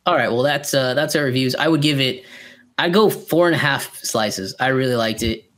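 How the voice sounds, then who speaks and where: A man's voice: mid-range voice, moderate pace, fairly bright tone. A man co-hosting a podcast, rambling and swearing freely as he reviews films in casual chat. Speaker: podcast co-host.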